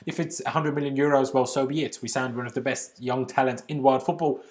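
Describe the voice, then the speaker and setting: A man's voice: medium pitch, steady tone, fast, a little mellow. A man with an Austrian accent hosting a casual football livestream from home, chatting loosely with British slang and answering viewer comments. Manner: casual British slang, says "bloody" often. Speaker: football channel host.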